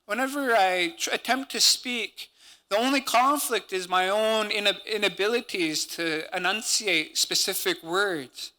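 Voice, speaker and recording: Man from Montana, high and very bright voice, earnest conference speaker. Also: a little slow. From Montana, USA. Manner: earnest, conversational, peppered with native-language words. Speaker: symposium speaker and language teacher. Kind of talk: conference talk.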